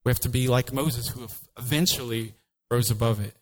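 A man preaching a sermon as pastor, lively and joking, acting out voices of biblical figures. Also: mid-range voice, moderate pace, low-quality recording.

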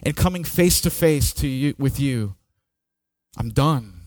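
A man preaching a sermon with slow, dramatic delivery, dropping to near-whispers and rising to loud peaks. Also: mid-range voice, animated, dry recording, studio quality. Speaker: pastor.

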